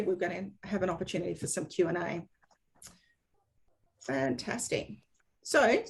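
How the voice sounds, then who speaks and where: A woman hosting an online training session, talking in an upbeat, chatty and welcoming way. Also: mid-range voice. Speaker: webinar host for a dairy company.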